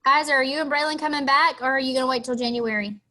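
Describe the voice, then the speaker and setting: A friendly woman teacher calls in to her online class. Her voice sits high, and she chats with her students in a loose, casual way. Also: fast talker, pushed and bright. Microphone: headset microphone, then computer mic.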